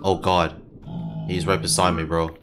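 Over background music, a young man hosting a gaming channel talks through his play in a deep, level voice at a measured pace. He's frustrated, swears often and yelps when he gets hit.

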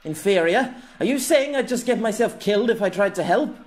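A man's voice: high-pitched, expressive, brisk, pitched above the performer's own voice. Man doing a desperate young adventurer. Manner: shouting, urgent.

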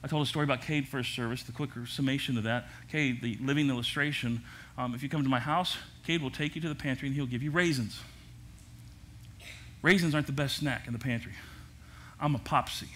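An older man, a pastor, preaching a sermon at a church service in a lively way, with jokes and asides. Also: mid-range voice, brisk, a little hiss or hum.

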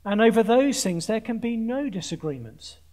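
A man preaching to a student audience, earnest, with pointed emphasis, quick restarts and dry humour. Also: high voice, expressive, a little mellow. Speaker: conference speaker preaching. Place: large conference hall with an audience.

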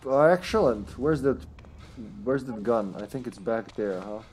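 Excitable swearing man gaming with friends. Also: medium pitch, unhurried, a little hiss or hum. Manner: excitable, swears and jokes loudly. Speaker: streamer playing online with friends. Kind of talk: casual gaming chat.

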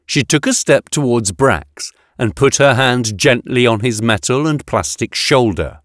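A man narrating a science-fiction audiobook in an expressive reading on a close studio mic. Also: mid-range voice, a little slow, no room sound.

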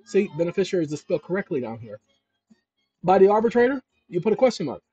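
A fairly high-voiced man with a husky, mellow tone talks viewers through documents on his screen. He speaks emphatically and keeps checking in with his audience. The recording sounds dull and lo-fi. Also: sing-song, quick pace. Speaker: channel host giving legal advice. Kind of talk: instructional screen-share talk.

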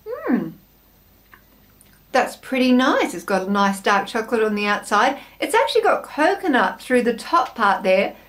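A woman's voice: a little high, lively intonation, moderate pace, few pauses, a bit bright. An Australian woman hosting a snack taste-test vlog, chatting to camera in a bubbly, self-mocking way. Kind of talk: casual chat to camera.

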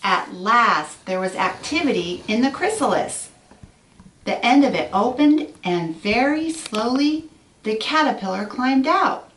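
Slow, lively woman reading a picture book. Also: fairly high pitch, a little hiss or hum. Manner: gentle, asks children questions. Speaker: teacher. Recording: echoey room, far from mic.

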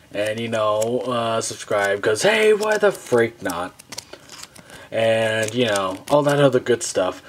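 A young man chatting excitedly through a card-pack opening, jumping to high exclamations and giggling. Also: a little hiss or hum. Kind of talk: excited casual commentary.

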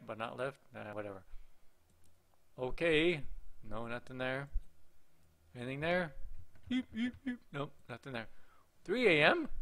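A man's voice: medium pitch, a bit bright. Rambling man narrating a horror game. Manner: rambling, talks to the game characters, jokey. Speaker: gameplay commentator. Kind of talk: casual let's play commentary.

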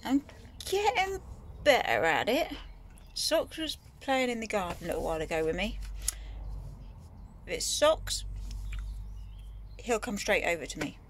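Filming herself on a phone outdoors, a woman vlogger feeding a feral cat chats to it fondly and coaxingly, in casual pet talk. Her medium-pitched voice is sing-song and unhurried, with frequent pauses and slight background noise.

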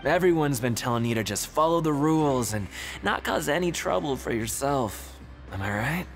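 A man's voice: mid-range voice, animated, normal speed, faint music behind, lightly acted. An actor playing a sly, chuckling older male prisoner who trades secrets, in video game voice acting. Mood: conspiratorial. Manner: teasing, conspiratorial, chuckling.

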